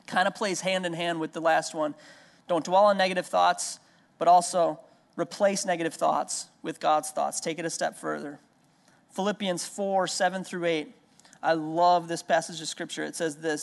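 A man's voice: on the high side, gravelly. A man in his thirties preaching an earnest sermon, repeating key lines for emphasis and telling everyday stories. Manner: storytelling with everyday anecdotes. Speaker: pastor. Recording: long hall reverb.

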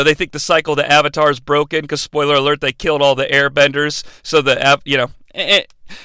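A man's voice: fairly high pitch, sharp tone, clean tone, no room sound. A man hosting a comedic bad-movie podcast, rambling and sarcastic with lots of swearing.

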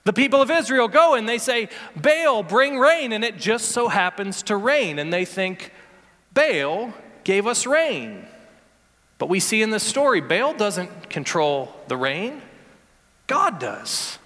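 A man preaching a sermon as pastor, animated and building to emphatic peaks. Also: high voice, a little slow, in a large hall.

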